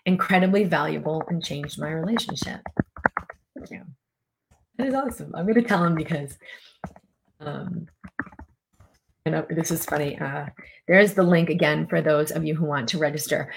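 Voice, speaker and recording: A woman's voice: low voice, normal speed, vocal fry, pauses often, slight background noise. A middle-aged woman hosting a podcast, talking casually in a chatty, filler-heavy way while coaching viewers and reading their comments. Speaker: podcast host.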